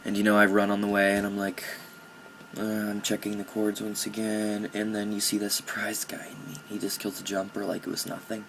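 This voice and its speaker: Young male gaming commentator, lowish voice, casual with mock-serious theatrics, faint noise behind. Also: completely flat delivery, fairly quick, fairly bright tone. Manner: mock-dramatic, joking about his own feelings.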